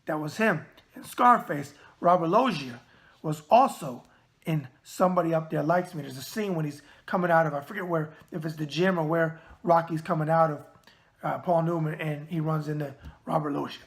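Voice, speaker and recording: A man's voice: a little high, normal speed, creaky. A man with a New York accent hosting a casual mailbag video show, talking in a brash, wisecracking way and repeating catchphrases. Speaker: show host.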